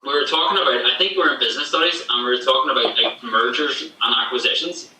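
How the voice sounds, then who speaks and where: A young Northern Irish man with a faint Canadian tinge to his accent speaks quickly in a mid-range, sharp voice. Calling in as a podcast guest from his home in Canada, he rambles through stories packed with fillers. The remote audio sounds distant and echoey, with faint noise.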